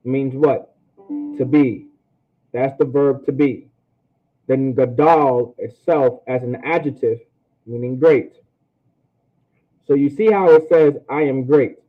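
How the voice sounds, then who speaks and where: A man teaching a class in a casual, conversational way, often checking in with "all right?", with an African American English accent. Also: medium pitch. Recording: tinny phone-like sound.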